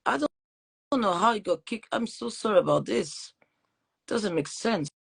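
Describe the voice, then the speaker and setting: A woman with a French accent hosts a live-streamed podcast. She is a teacher and speaks casually, with many fillers and quick apologies, in a chatty interview manner. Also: mid-range voice, animated, vocal fry, husky.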